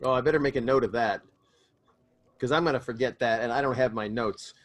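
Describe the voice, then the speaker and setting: A man's voice: mid-range voice, fairly quick. A man playing a tabletop game, talking casually and playfully with fillers. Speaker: player.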